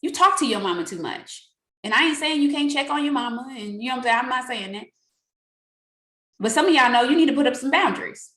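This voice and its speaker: A young woman with a fairly high voice gives a faith-filled pep talk to her sales team. She talks animatedly and preachily, laughing as she acts out other people's words. The sound is echoey and roomy. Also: lively intonation, quick pace, a bit bright. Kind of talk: casual motivational talk.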